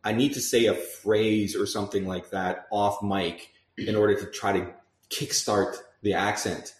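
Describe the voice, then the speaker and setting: Chatty low-voiced male game master. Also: fairly even intonation, unhurried, roomy sound. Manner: chatty, laughs often, restarts sentences. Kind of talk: casual podcast recap of a tabletop game.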